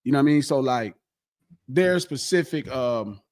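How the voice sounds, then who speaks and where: A man's voice: mid-range voice, animated, normal speed, darkish tone, no room sound, studio quality. A man guest on a podcast, chatting casually and boastfully, repeating himself for emphasis. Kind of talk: casual chat.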